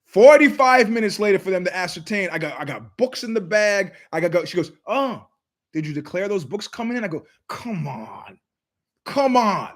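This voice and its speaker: Animated high-voiced male show host. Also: brisk. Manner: emphatic, digressive, acts out quoted voices. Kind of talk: animated storytelling monologue.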